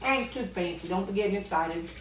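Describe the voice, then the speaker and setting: This weight-loss vlogger from Missouri talks fast in a mid-range voice, her echoey room bouncing the sound around. She chats and jokes in a folksy way while eating, speaking with her mouth full.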